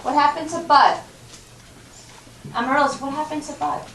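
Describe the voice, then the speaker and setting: A high-voiced woman leads a first-grade reading lesson, patient and coaxing, checking in with the class. She is recorded from a distance in an echoey classroom, with noise in the recording. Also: normal speed, a bit bright. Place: elementary school classroom. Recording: roomy classroom recorded from afar, noisy.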